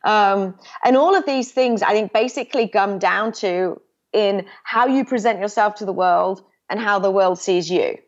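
A woman's voice: medium pitch, normal speed. Woman, English accent, podcast guest, thoughtful, self-deprecating, dull lo-fi sound. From England. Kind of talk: casual conversational interview.

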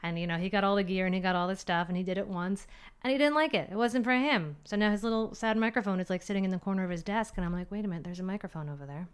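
Woman podcast host, trainer, casual and upbeat, clean smooth voice, mid pitch. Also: fast. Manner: chatty, upbeat, acts out inner voices. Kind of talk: solo podcast talk.

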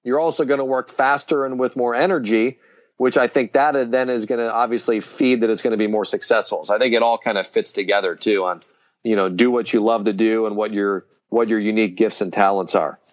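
A man's voice: lowish voice, steady tone, a little fast. Rambling man with a dull-sounding mic. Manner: rambling, many fillers and restarts. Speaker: podcast co-host. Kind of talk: casual business chat.

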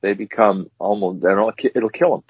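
A man's voice: fairly low pitch, a little fast, breathy edge, no echo. A man co-hosting a casual chat show, joking and rambling as he tells stories. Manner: animated, joking, rambling storyteller. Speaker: co-host. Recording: dull, dry lo-fi audio.

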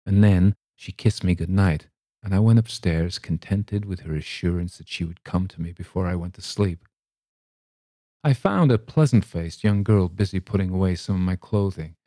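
A man reading a classic story aloud in a measured, gentle storytelling manner. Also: low voice, no echo, studio quality. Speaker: reader.

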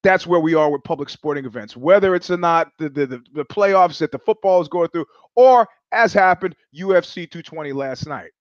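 A man's voice: on the high side, a little fast, hardly any pauses, dry recording, muffled recording. A man hosting a live-streamed show, delivering a rambling, profane comic monologue with many restarts. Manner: animated, profane, repetitive restarts. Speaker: host.

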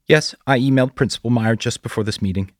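A man voicing a stiff, expressionless male school counselor who talks in a flat, formal way. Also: mid-range voice, fast talker, no room sound, clean studio sound, voice pushed up, lightly acted. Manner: flat, formal, unsettlingly calm.

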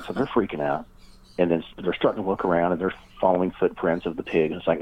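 The speaker, a man whose voice sits low and sounds slightly rough, talks fast. Interviewed as a guest author and paranormal researcher, he wanders through a story full of fillers, acting out quoted voices, and the remote recording is dull and lo-fi.

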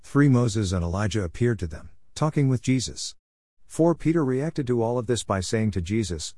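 A man reading scripture aloud in a measured way, announcing each verse number. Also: mid-range voice, expressive, mellow, no echo, studio quality. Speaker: Bible reader.

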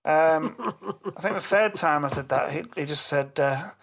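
A middle-aged man on a podcast, telling a story in casual chat with animated, swearing delivery. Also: on the high side, moderate pace. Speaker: podcast co-host.

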